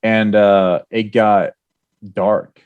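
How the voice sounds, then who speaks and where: A man co-hosting a veterans' podcast, telling old army stories in a casual, animated way. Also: on the low side, very slow, clean tone, narrow, tinny audio. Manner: storytelling, animated, with laughs. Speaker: podcast co-host.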